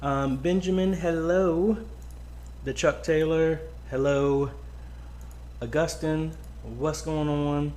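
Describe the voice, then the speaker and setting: A man's voice: a little high, steady tone, takes it slowly, darkish tone, a little hiss or hum. A man hosting a casual weekly live-stream Q&A from a home studio, greeting viewers by name with lots of ums. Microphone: boom-arm mic close up.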